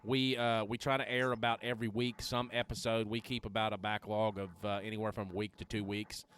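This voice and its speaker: A man's voice: lowish voice, level tone, brisk, a bit bright, a little hiss or hum. A man, a podcast co-host chatting casually and rambling with fillers. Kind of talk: casual chat.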